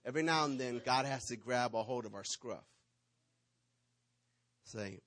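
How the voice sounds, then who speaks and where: A man preaches in a middle-pitched voice, spinning a personal story for his congregation. He swings from loud, excited bursts down to soft asides. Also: a little slow, pauses often. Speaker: pastor.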